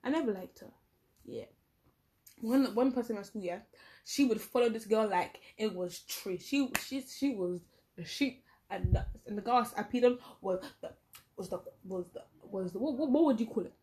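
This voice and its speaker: A young woman telling a story about her schooldays in a casual, animated way, acting out the dialogue. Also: medium pitch, normal speed. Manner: animated, dramatic retelling with quoted dialogue. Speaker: vlogger.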